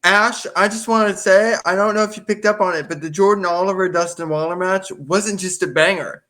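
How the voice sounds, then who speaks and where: Guy ribbing his cohosts, bright high voice, casual. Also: a little fast. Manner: teasing, joking. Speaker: podcast co-host. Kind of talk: casual chat.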